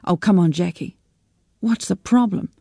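Woman reading as a brisk blunt friend, no nonsense, close dry voice. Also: fairly low pitch, creaky, warm tone, husky, dry recording. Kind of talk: radio book reading.

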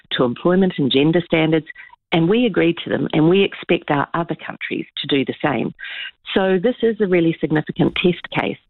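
A woman guest on a radio interview, speaking in a measured, earnest way through a tinny, phone-like line. The sound is dry and close, with no room around it. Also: sits low, gravelly, no echo. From New Zealand. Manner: measured, earnest explaining with frequent ums. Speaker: political scientist guest.

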